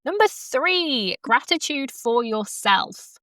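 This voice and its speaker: A woman's voice: mid-range voice, a little slow, a bit bright, dry recording. A woman hosting her own coaching podcast from home, talking casually with many fillers and frequent laughs. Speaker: podcast host and horsemanship coach. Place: at home in front of a laptop. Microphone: laptop podcast mic.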